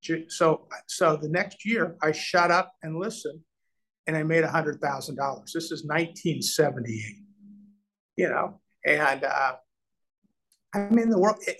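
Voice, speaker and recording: Guesting on an interview, a sixty-something real estate developer from Omaha recounts a lengthy business story, performing each line of dialogue with animation. He speaks at a moderate pace in a fairly high voice, on a low-quality recording.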